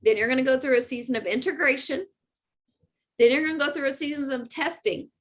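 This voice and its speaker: High-voiced woman coaching viewers. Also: brisk. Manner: earnest, animated, speaks straight to her viewers. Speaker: spiritual medium and host. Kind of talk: motivational live talk.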